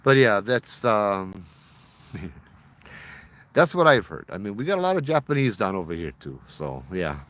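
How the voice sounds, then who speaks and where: A man's voice: fairly low pitch, very animated, normal speed, long pauses, a bit bright. A man casually telling ghost stories as host, chatty and using local slang. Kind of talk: casual storytelling.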